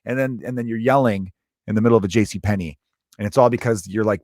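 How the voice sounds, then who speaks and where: A man's voice: on the low side, fast, darkish tone, dry recording, studio quality. A man in his thirties, a comedian hosting his own podcast, riffing in a rambling, profane monologue and acting out quoted voices.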